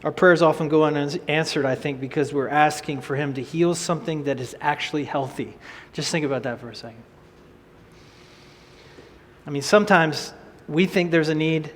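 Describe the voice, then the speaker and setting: Preacher guy, high voice, animated and chatty, repeats himself, echoing hall. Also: normal speed, husky. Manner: animated, conversational, repeats phrases for emphasis. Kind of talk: sermon.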